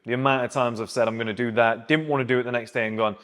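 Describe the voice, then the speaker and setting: A man's voice: mid-range voice, fairly even intonation, rapid-fire, fairly bright tone. A man talks bluntly and directly to his viewers, laying out firm rules in a plain, mid-range voice. The recording carries a long, ringing reverb, as if he is speaking in a large, bare room. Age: 30s. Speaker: men's self-improvement channel host. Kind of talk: advice monologue to camera.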